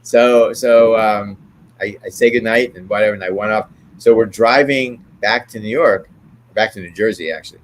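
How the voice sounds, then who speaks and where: Older man, low voice, loose anecdotal guest who keeps asking "right?". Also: normal speed, slight background noise. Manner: rambling, tags remarks with "right?". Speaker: interview guest. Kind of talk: anecdotal storytelling.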